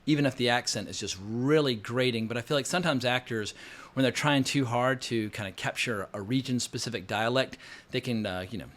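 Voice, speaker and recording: A man giving a casual, opinionated film review, blunt and quick to swear. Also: medium pitch, fairly bright tone. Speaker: film critic.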